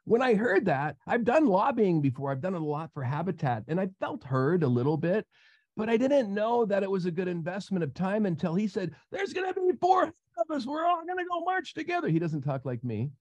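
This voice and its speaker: A man, a roofing company owner, telling a rambling, emotional story in a casual panel chat. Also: darkish tone. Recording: muffled low-fidelity audio.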